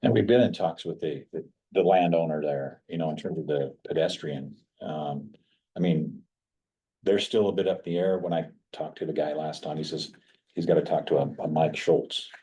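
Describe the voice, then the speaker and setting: A man's voice: rumbling low, moderate pace, mellow, low-quality recording. A man on county staff reporting on talks with a landowner at a work session, rambling with false starts, in a meeting room.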